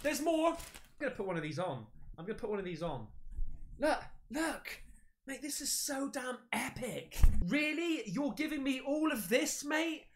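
Excitable man with a lively voice. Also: very high-pitched, normal speed, a little hiss or hum. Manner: excitable, loud exclamations, calls everyone mate. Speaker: paranormal YouTuber. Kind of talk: excited unboxing chat.

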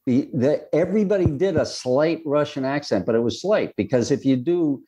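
Man, film writer-director guest, warm dark tone, reflective, relaxed interview talk. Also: fairly high pitch, slightly rough, low-quality recording. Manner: thoughtful, reflective, fills pauses with "you know".

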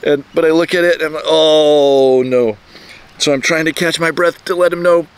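A middle-aged man casually telling a story about himself outdoors, rambling and halting with many restarts and fillers. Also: fairly high pitch, flat delivery, fairly bright tone. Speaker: vlogger telling a personal story. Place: outdoors, birds nearby.

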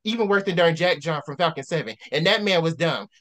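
A man's voice: a little high, expressive, fast talker, fairly bright tone. A man hosting a book discussion, going on a heated rant and hammering his points with repetition. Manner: heated ranting, repeats himself for emphasis. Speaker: host.

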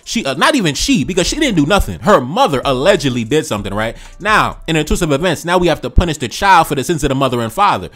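Fast-talking, fired-up American man. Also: fairly high pitch, a bit bright. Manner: passionate, emphatic, repeats phrases for punch; slangy street talk. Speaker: reaction video host. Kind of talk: fired-up commentary on viewer comments.

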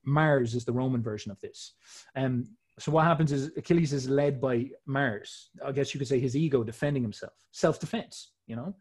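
A man's voice: mid-range voice, moderate pace, slightly rough. A man talking casually and emphatically, explaining old myths in slangy, swearing speech.

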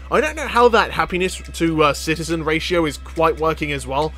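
A man commentating on a let's play in a chatty, excitable way, laughing often. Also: on the high side, fairly quick, soft background music. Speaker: gaming video host.

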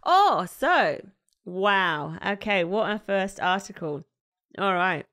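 Slow, lively-voiced woman leading chat. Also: medium pitch. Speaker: podcast co-host. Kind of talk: casual chat.

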